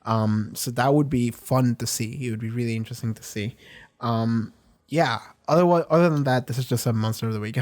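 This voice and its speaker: A man's voice: mid-range voice, a little mellow. Rambling, swearing man reviewing an episode. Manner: rambling, candid, swears casually, many restarts. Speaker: reaction video host. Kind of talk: casual spoken review.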